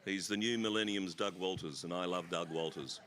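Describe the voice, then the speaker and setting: This Australian author speaks in a low-pitched, fairly bright voice at a fairly quick clip. He's on a festival stage in front of a crowd, rambling through self-deprecating stories and frequently laughing at his own jokes.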